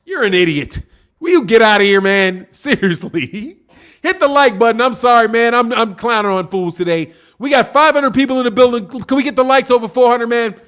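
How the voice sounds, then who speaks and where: A man hosting a boxing livestream in a fairly high voice. He reads viewer comments aloud and answers them bluntly, calling people out and repeating himself for emphasis. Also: animated, a little fast, fairly bright tone, clean tone. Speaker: boxing channel host. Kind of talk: livestream commentary reading chat.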